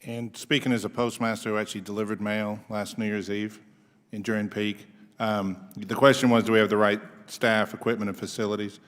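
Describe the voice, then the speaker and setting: A man's voice: fairly low pitch, flat delivery, fairly quick. A middle-aged man, a postmaster, testifying in a plain, matter-of-fact way. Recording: long reverb of a hearing room.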